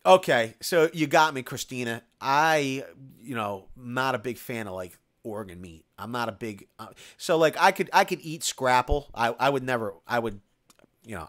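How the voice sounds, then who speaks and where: A man with a medium-pitched, slightly bright voice hosts a casual live stream. He reads viewer chat comments aloud and rambles about food and tools.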